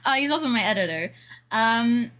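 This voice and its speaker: A woman's voice: a little high, animated, moderate pace, bright, forceful tone. A young woman with a Swedish accent chatting casually on a livestream, rambling and laughing often. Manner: giggly, rambling, frequent laughter. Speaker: streamer.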